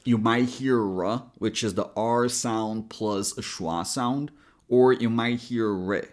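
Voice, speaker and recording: A man with an American accent teaching a pronunciation lesson, breaking words into sounds slowly and carefully. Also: medium pitch, fairly even intonation. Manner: slow, careful, spelling out sounds. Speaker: accent coach.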